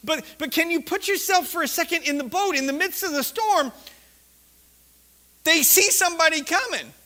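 A man preaching a sermon, telling a personal story with laughter and sudden shouted lines. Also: very high voice, animated, normal speed.

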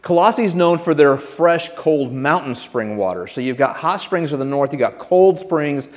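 A man's voice: a little high, lively intonation, moderate pace, in a large hall. A man preaching a sermon to his congregation in an earnest, conversational way, often restarting his sentences. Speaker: pastor.

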